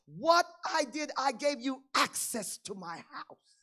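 A woman preaching a sermon, swinging between hushed lines and loud emphatic ones, acting out little everyday dialogues. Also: sits high, very animated, measured pace, slightly rough. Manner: acts out little dialogues in plain voices.

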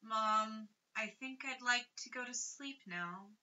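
A woman's voice: high voice, very animated, bright, forceful tone, recorded from a distance, muffled recording, voice pushed up, heavily acted. A woman voicing a feverish, mumbling little boy. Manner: slow, mumbled. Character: feverish young boy, sick and drowsy.

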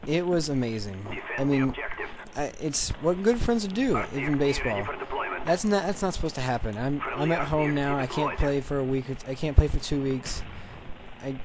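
A man telling a story in a casual, excited, rambling way over gameplay, restarting his sentences often. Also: medium pitch, moderate pace, a crowd in the background. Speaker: gaming channel commentator.

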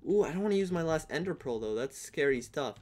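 A chatty young man talks through a video game round by round, rambling along in a slightly high voice. Now and then he bursts into playful yelling. Keyboard typing clicks under his voice at a desk mic. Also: animated, quick pace. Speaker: gaming YouTuber. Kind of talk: casual gameplay commentary.

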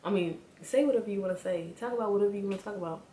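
A woman giving a casual, animated motivational talk straight to her viewers as a spiritual vlogger, repeating her points for emphasis. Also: mid-range voice, racing. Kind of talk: casual motivational rant to camera. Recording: echoey room with faint background hum.

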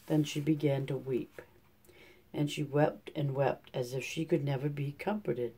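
A man reading a fairy tale aloud at a steady, measured pace. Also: mid-range voice, slightly rough. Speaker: storyteller.

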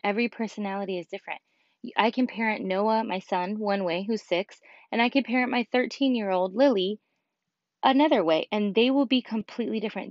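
A woman's voice: mid-range voice, no room sound. A woman in her thirties hosting a casual solo podcast, talking candidly with lots of fillers. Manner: candid, chatty, many fillers. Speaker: podcast host. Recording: dull lo-fi podcast mic.

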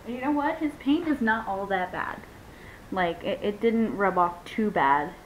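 At a measured pace, a young woman talks animatedly to her viewers while unboxing a reborn doll for her vlog. Her casual chatter is full of gushing, squeals and frequent laughter. The footage is dull, lo-fi home video with a faint rumble underneath.

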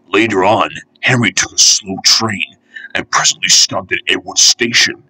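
A man's voice: normal speed, slightly rough, no echo, low-quality recording. A man narrating a children's storybook about engines, giving each character its own voice. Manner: lively, voices each engine with higher pitch.

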